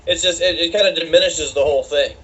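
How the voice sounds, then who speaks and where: A man's voice: a little high, fast, fairly bright tone, breathy edge, muffled recording. A man chatting bluntly and teasingly on a podcast. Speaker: podcast co-host. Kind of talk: casual chat.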